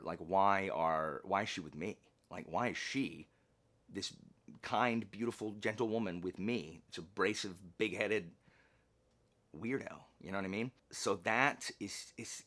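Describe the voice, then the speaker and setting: A man's voice: low voice, fairly bright tone. A man reviewing a book in a casual vlog, earnest and rambling, with frequent fillers and restarts.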